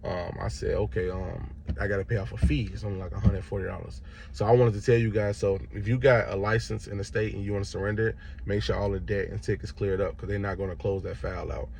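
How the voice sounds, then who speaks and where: Gravelly-voiced young man telling a story. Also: fairly low pitch, fast talker, slight background noise. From Chicago, Illinois. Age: young adult. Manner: animated retelling, acts out other voices. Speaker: vlogger. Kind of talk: casual storytelling to camera.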